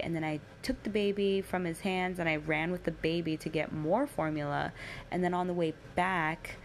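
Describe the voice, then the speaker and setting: A woman's voice: deep voice, level tone, normal speed, a little hiss or hum. A young woman and mother telling a personal story in a casual, candid way, swearing freely and using lots of fillers.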